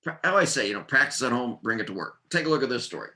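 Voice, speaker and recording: A man presenting a workplace training seminar, talking in a lively, joking way and punching out short lists of points. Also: mid-range voice, very fast. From United States.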